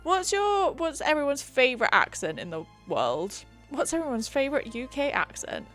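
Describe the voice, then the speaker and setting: A woman's voice: sits high, very animated, moderate pace, fairly bright tone, soft background music. A young woman from England chatting casually on a live stream, giggly and reading chat aloud into a desk mic. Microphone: desk mic she keeps bumping.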